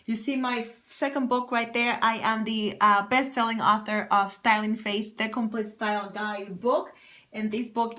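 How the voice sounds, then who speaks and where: A woman's voice: medium pitch, fairly bright tone. A woman fashion stylist chatting on a live phone stream from her office, effusive and greeting viewers by name. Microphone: phone camera.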